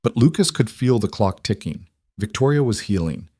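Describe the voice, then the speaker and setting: A man narrating a scripted story in a steady, even manner. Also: fairly low pitch, moderate pace, no echo.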